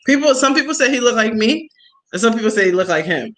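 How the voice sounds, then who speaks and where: A woman's voice: fairly high pitch, fast talker, noisy background. A woman hosting a casual livestream on a phone, chatting with viewers and telling stories full of slang and laughter. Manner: animated storytelling with slang and laughs. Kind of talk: casual chat.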